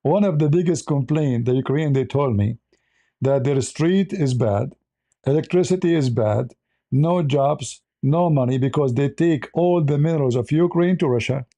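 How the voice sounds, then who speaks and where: Blunt, sarcastic man with a gravelly voice. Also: mid-range voice, normal speed, mellow, dry recording. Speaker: livestream host answering chat. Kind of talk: casual livestream chat.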